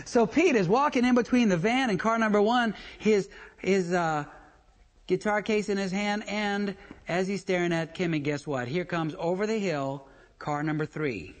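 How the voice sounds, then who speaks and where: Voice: medium pitch, normal speed. Joking traffic school instructor. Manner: joking, storytelling, quizzes the room. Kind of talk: comic lecture to a class.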